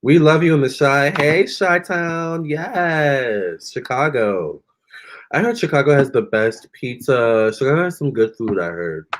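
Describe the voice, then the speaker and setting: A man's voice: mid-range voice, very animated, measured pace, slight background noise. A man doing a tarot reading on a live stream, answering viewer comments in a chatty, sassy way and calling them honey and girl. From Virginia. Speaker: tarot reader.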